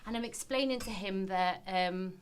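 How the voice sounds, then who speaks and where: A woman in a casual interview, telling her stories with animated delivery and acting out what people said. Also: mid-range voice, normal speed, a little hiss or hum. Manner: animated storyteller, acts out quotes. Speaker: guest, former reality TV business contestant.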